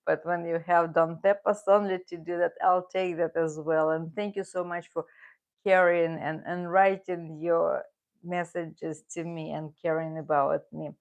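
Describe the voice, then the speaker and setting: Slow, gravelly woman with a Russian accent. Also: lowish voice. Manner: halting, many fillers and restarts. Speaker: livestream host. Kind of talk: casual chat with viewers.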